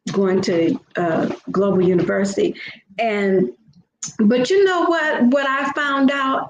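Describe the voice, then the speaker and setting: Woman host, slow and earnest, casual inspirational talk, roomy echo, faint noise behind. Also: mid-range voice. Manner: slow, earnest, conversational with frequent "okay". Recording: echoey room with faint background noise.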